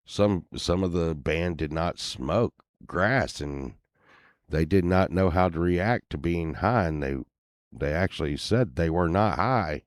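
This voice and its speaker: A man's voice: low voice, no room sound. A man rambling through a crude story to his live chat from his home studio, full of fillers and restarts. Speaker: streamer telling stories to chat.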